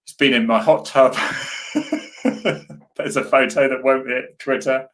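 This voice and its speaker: A man hosts a casual live chat, earnestly rambling as he answers viewer comments, with many restarts and asides to viewers. His mid-range voice is fairly even in intonation, and he takes it slowly.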